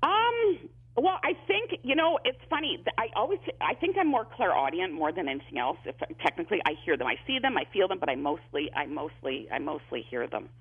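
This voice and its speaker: Speaking fast with hardly any pauses, a psychic medium in a phone-in interview sounds very animated, his fairly high voice carrying a breathy edge. The tinny phone line carries his stories, full of repetitions and restarted sentences.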